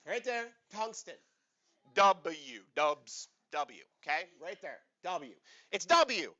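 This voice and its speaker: Animated playful male chemistry teacher. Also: sits high, unhurried, highs cut off. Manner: playful, animated, asks the class questions. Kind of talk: classroom lecture.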